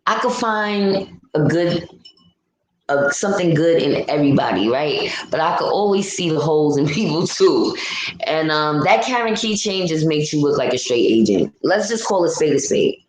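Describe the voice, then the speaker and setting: A woman's voice: low voice, expressive, normal speed, echoey room, poor audio. A woman hosting a casual livestream, ranting bluntly and reading out chat comments. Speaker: livestream host. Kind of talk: casual live-stream commentary.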